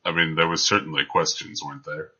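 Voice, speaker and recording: A man's voice: extremely low pitch, fairly even intonation, brisk, bright, forceful tone, husky. A man narrating as game master of a tabletop game, with dry, teasing remarks. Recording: dull lo-fi sound.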